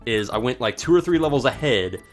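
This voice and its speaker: Gamer guy narrating his playthrough, sarcastic and swearing, pitch all over the place, faint game music under him. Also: lively intonation, brisk. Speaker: let's play host. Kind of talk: casual gameplay commentary.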